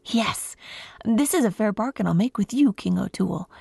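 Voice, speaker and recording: A woman's voice: medium pitch, expressive, moderate pace, vocal fry, dark tone, husky, no echo, heavily acted. A woman storyteller puts on a cheeky young man from a fireside folk tale, sure of his bargain and a bit boastful. The voice sits in a middle register. The sound is dry and close. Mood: confident, sly. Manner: bold, teasing, self-assured. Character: cheeky young man who is secretly a saint.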